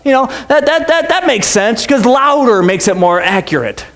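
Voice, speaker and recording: A man's voice: extremely high pitch, moderate pace. A man preaching a sermon in a church, telling the story with jokes and acting out the crowd and the characters. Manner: animated, joking storyteller who acts out the crowd and Pilate. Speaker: pastor. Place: church sanctuary.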